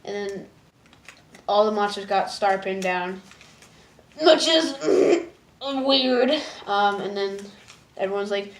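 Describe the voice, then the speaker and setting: Woman reviewer, casual recap, filler-heavy, restarts, pops into squeaky character voices. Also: takes it slowly, long pauses. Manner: rambling, many "like"s and stumbling restarts; jumps into high, loud voices for characters. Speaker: episode reviewer.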